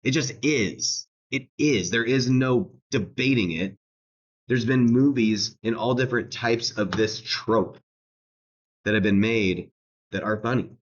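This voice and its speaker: A man's voice: mid-range voice, a little slow. Mocking lo-fi streamer man. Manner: mocking, laughs often, swears, repeats words. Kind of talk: livestream reaction rant.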